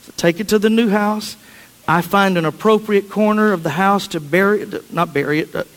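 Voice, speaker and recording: A man's voice: sits high, moderate pace, fairly bright tone, in a large hall, slight background noise, poor audio. A man preaching a sermon, telling a family story in a chatty, anecdotal way with frequent restarts.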